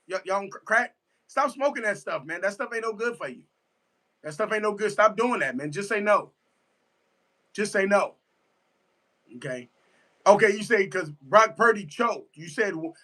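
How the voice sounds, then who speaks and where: A man's voice: sits high, sharp tone. A man giving a casual live reaction to a football game, emphatic and repetitive, answering his chat as he goes. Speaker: sports fan streamer.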